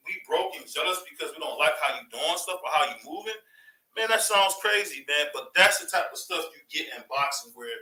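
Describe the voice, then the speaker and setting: Excitable man ranting in an echoey room. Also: a little high, distant mic. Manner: excitable, rants with rhetorical questions. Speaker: boxing commentary host. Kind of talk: casual opinion commentary.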